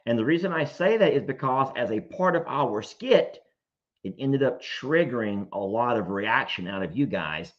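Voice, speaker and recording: Guy hosting a live stream, lively up-and-down voice, kinda muffled lo-fi sound. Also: medium pitch, moderate pace. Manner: animated, laughing storyteller. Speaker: host. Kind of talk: casual livestream chat. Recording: dull lo-fi stream audio.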